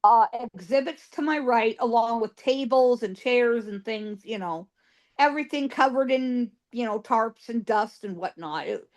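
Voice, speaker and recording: A woman's voice: a little high, unhurried. A woman guest psychic telling ghost stories in an interview, emphatic, piling up repeated words for stress.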